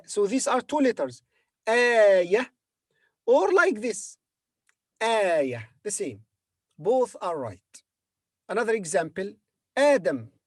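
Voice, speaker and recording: A man gives a very slow, patient language lesson. He repeats each word carefully and stops often to hesitate. The sound is dry and close, with no room echo. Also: high-pitched. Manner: patient, repeats words slowly with hesitant fillers. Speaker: Arabic teacher.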